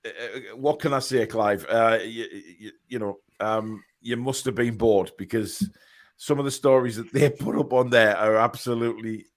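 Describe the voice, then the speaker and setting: Male host, medium pitch, hesitant, full of ums, reads out chat comments on a call. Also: fairly even intonation, normal speed. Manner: hesitant, many fillers, reads comments aloud. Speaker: podcast host reading viewer comments. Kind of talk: casual football chat.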